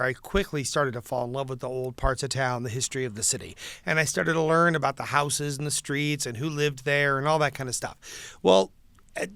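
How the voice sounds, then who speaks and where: A man's voice: a little high, creaky, bright, forceful tone, clear, resonant tone, dry recording. A man talking earnestly and at length as an interview guest, the president of a preservation nonprofit. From not from the local city. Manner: earnest, enthusiastic, rambling with restarts. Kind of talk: casual interview chat.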